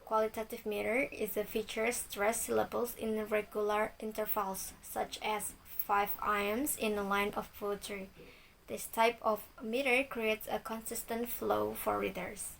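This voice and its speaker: A woman's voice: medium pitch, flat delivery, unhurried, gravelly, a bit bright, slight background noise, low-quality recording. A young woman, a student, reading her part of a class presentation and reciting lists of examples. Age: young adult.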